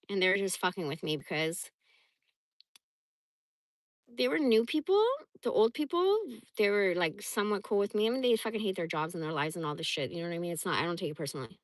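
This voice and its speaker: A woman in her forties chatting casually on a livestream, reading comments and telling stories in a blunt, profane, animated way. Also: mid-range voice, brisk, no echo. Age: 40s. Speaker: livestream host.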